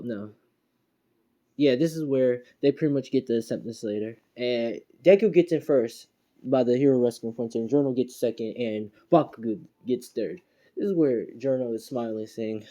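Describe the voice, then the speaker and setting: A man loosely retelling a fan story in his own everyday voice. His tone is mellow and a little dark. He rambles along with fillers and the odd chuckle. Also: mid-range voice.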